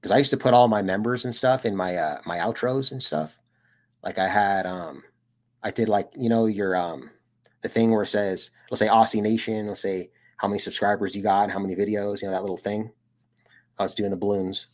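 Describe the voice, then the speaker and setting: This streamer and channel host, a young man from the United States, talks briskly in a lowish voice. He rambles laid-back through his casual livestream, dropping "dude" often.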